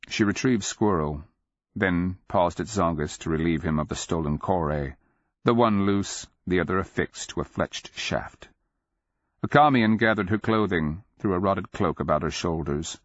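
A man narrating a dark fantasy audiobook in a measured, deliberate, dramatic way. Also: low-pitched, no room sound. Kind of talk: scripted literary narration. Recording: slightly muffled dry recording.

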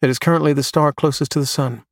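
A man voicing a bright young male pupil who recites facts eagerly. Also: on the high side, steady tone, fast, no room sound, voice pushed up. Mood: earnest.

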